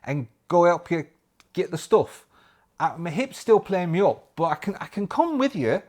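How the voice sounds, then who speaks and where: A man's voice: very animated, normal speed, fairly bright tone, full character voice. A man voicing an eager, injured male soldier who stammers as he begs to come along on a mission. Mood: pleading. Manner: stammering, pleading, high-pitched.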